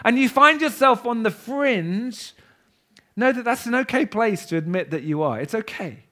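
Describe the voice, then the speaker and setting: A man preaching a sermon to a congregation in a church. He talks with passion, swinging between loud declarations and hushed asides. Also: very high voice, lively intonation, moderate pace.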